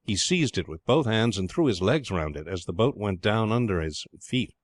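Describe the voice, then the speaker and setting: A man narrating an adventure novel with a steady, measured reading. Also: lowish voice, no room sound. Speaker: audiobook narrator. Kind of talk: scripted narration.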